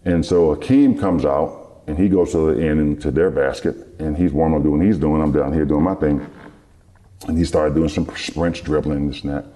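A man's voice: rumbling low, moderate pace. A middle-aged man, a former athlete, telling a long story in an interview and acting out what others said to him. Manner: relaxed, rambling storyteller who acts out quoted dialogue. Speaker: guest, former basketball player.

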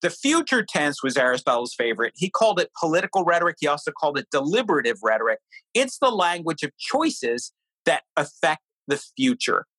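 Middle-aged guy, author on a podcast, pitch jumps all over, dry close mic. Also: dry recording, low-quality recording. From New Hampshire. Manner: animated storyteller, lively pitch. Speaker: author and guest. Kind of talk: conversational interview, storytelling.

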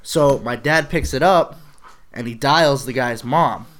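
A man's voice: medium pitch, unhurried, fairly bright tone. A young man and podcast co-host telling a party story in casual chat, laid-back and swearing casually.

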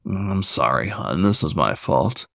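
A man voicing an affectionate, teasing male black bear who talks in a low growl. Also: big pitch swings, unhurried, vocal fry, fairly bright tone, dry recording, studio quality, heavily acted. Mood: fond.

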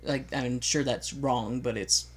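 A man from Utah hosting a loose podcast conversation. He is a self-declared goofball who jokes around at a medium pitch. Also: fairly even intonation, measured pace, slightly rough. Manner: goofy, jokey, drops into silly voices. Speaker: podcast host. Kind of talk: casual chat.

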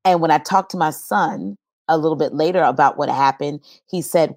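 Low-voiced woman telling a personal story. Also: moderate pace, hardly any pauses, darkish tone, no room sound, studio quality. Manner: earnest storytelling. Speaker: guest. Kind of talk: personal testimony in an interview.

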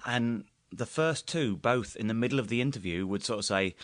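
Chatty English man, low dry voice. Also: moderate pace, no room sound. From England. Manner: chatty anecdotal storyteller, laughs often. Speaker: guest comedian. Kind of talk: casual chat.

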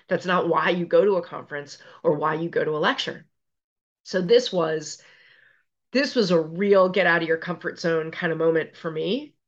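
Lively self-deprecating woman, dull lo-fi sound. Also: sits low. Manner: animated storyteller, wry and self-deprecating. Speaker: guest, physician and resilience expert. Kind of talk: conversational podcast interview.

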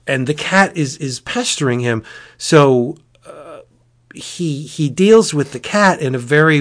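A man chatting casually as a podcast host, retelling a comic in a rambling, animated way. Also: medium pitch. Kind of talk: casual chat.

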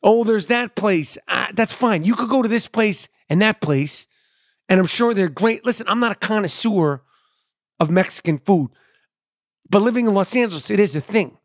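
A man's voice: high-pitched, lively intonation, moderate pace, dry recording, clean studio sound. A middle-aged man hosting a podcast, rambling in a loose, profane, streetwise monologue. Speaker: podcast host. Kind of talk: casual monologue.

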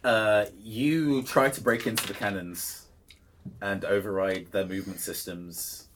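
A man's voice: lowish voice, fairly even intonation, a little slow, fairly bright tone, a little hiss or hum. A man narrating a tabletop game as game master, chatty, with many ums and uhs.

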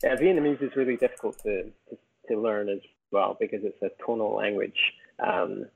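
A man's voice: lowish voice, a little fast, creaky, a little mellow, husky. A man from the UK, a podcast guest and author, chatting casually and rambling with many fillers and restarts. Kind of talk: casual chat. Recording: tinny phone-like call audio.

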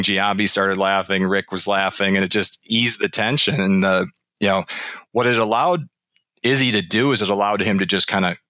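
A man's voice: sits low, sharp tone, dry recording. A man being interviewed about his book, explaining research and telling anecdotes in a conversational way. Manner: storytelling, explanatory, frequent restarts.

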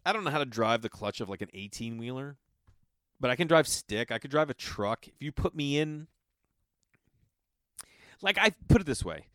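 A man's voice: medium pitch, animated, normal speed, long pauses, a bit bright, no echo, clean studio sound. A man, an actor, telling a casual anecdote in a rambling way, with a constant filler 'like'.

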